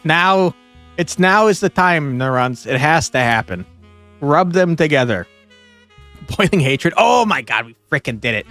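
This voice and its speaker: An excitable man talks through a puzzle game with a fairly high voice. His pitch leaps around wildly, from low muttering to loud yelling. Faint music plays behind him. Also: measured pace. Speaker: gaming streamer. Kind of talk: let's play commentary.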